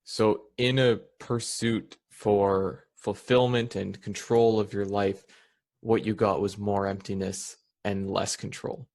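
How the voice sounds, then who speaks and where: A man hosting a podcast, calmly summing up his guest's story. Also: fairly low pitch, takes it slowly. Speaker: podcast host. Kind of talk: interview questions.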